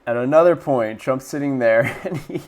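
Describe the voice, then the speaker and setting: A man's voice: mid-range voice, normal speed, a little mellow. A man hosts a casual online news commentary, upbeat and eager as he sets up clips. He chuckles often and talks in an easy, conversational way. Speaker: political commentator.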